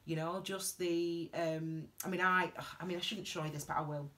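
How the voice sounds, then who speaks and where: A woman talks to her viewers in a reflective advice vlog, lower-pitched for a woman but with a bright, forceful edge. She rambles earnestly and halts to restart her thoughts, drifting into tangents before finding her way back. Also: steady tone, normal speed. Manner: earnest and heartfelt. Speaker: tarot reader giving advice.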